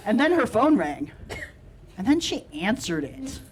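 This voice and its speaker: Deadpan stand-up man, higher voice. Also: a little slow, noisy background. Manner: deadpan, self-deprecating storytelling. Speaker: stand-up comedian. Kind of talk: stand-up comedy set. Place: live comedy venue.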